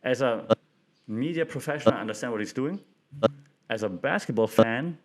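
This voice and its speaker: Guy rambling on his podcast, super animated, tons of "like"s and restarts. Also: medium pitch, moderate pace. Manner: animated, lots of "like" fillers and restarts; acts out quotes in playful voices. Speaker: podcast host; media professional. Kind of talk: casual commentary monologue.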